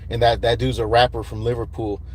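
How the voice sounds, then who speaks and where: A man's voice: mid-range voice, flat delivery, a little fast, a little mellow, a little hiss or hum. A man hosting a casual livestream outdoors at night, rambling with many fillers and greeting viewers by name. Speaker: livestream host.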